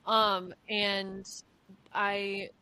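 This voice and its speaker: A young woman from Vermont, a nurse, chatting casually on a podcast and telling animated stories full of "like". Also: mid-range voice, very slow, a crowd in the background, poor audio. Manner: animated storyteller, frequent "like", laughs through stories. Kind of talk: casual chat.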